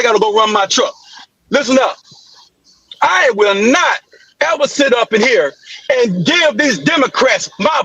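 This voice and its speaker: High gravelly man shouting aggressively. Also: no room sound, highs cut off. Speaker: guest on a livestream debate. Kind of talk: heated argument.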